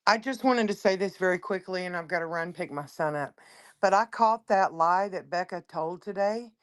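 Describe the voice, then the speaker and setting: A woman calling in to a livestream, talking quick, urgent and emphatic. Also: lowish voice, a bit bright, clear, resonant tone. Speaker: caller. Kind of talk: call-in on a livestream.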